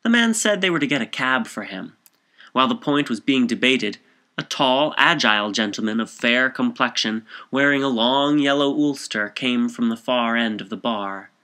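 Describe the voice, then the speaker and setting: A man reading a short story aloud as narrator in a measured, composed way. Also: mid-range voice, expressive, pushed and bright.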